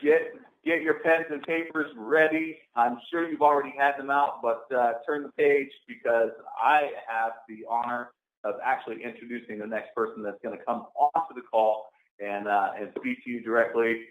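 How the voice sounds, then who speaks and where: A man hosting a phone-in conference call, energetic and full of fillers. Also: mid-range voice, moderate pace. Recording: echoey tinny phone line.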